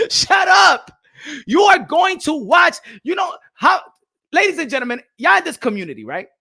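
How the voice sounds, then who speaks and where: A man ranting in a loud, profane, mocking commentary on boxing, now and then switching into Spanish phrases. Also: very high voice, big pitch swings, normal speed, gravelly.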